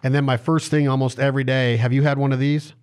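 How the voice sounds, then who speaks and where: A man's voice: medium pitch, flat delivery, fast, a little mellow, clean tone. A man hosting a podcast over a video call, joking and riffing on wordplay, with a Western American accent. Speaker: podcast host. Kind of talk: casual chat.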